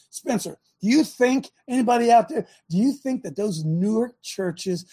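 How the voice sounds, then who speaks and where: A middle-aged man hosting a talk show, delivering a sarcastic, impassioned rant in a preaching style, swinging between shouting and muttering. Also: high-pitched, husky. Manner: sarcastic, mocking.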